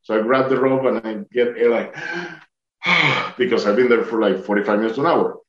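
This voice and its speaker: A man's voice: mid-range voice, steady tone, quick pace, a crowd in the background. A man from Georgia earnestly telling a heartfelt personal story, often saying "like" and "you know". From Atlanta, Georgia. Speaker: guest telling his survival story. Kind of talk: emotional storytelling. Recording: roomy dull sound.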